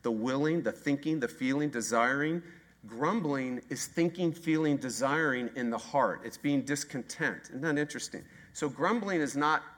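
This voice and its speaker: Man, pastor, sermon, bright tone, emphatic, rhetorical questions. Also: medium pitch, moderate pace.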